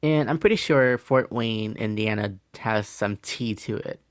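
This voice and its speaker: A man's voice: fairly low pitch, unhurried, dry recording. A man co-hosts a podcast, working through a case in casual, hesitant talk full of fillers and restarts. The sound is dry and close, with no room around him. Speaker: podcast co-host. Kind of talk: casual chat, telling a case.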